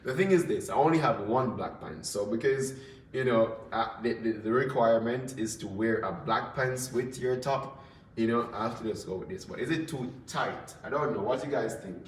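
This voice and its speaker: A man's voice: medium pitch, moderate pace, far from the mic. A man chats loosely to his live-stream viewers, circling back and repeating himself as he goes. His voice sits a little back from the microphone in an echoing indoor room. A faint hum of ambience runs underneath. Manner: rambling, repeats words, talks straight to viewers. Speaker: livestream host. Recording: roomy sound from off-mic, faint ambience.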